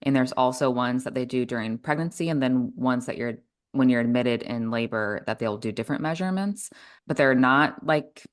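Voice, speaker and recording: A woman podcast host with a strikingly deep voice, far below most women's. She explains things to listeners plainly, in a measured, affirming tone.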